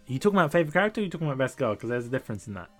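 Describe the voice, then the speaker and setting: A man's voice: medium pitch, very fast, faint music behind. Chatty young man on a gaming podcast. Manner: animated, laughing, repeats himself. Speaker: podcast host. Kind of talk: casual gaming podcast chat.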